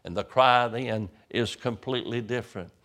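A man's voice: mid-range voice, moderate pace, a bit bright. A man, a pastor, preaching a sermon as vivid storytelling, often stammering over the first words of a sentence.

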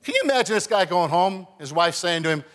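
A man preaching in a church, his voice high for a man and swinging widely as he pushes his points home. He calls out to the congregation and waits for their answers. A long reverb trails behind each phrase. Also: lively intonation, fast talker, fairly bright tone. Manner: preaching with rising emphatic calls and call-and-response. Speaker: pastor. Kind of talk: sermon. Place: church sanctuary.

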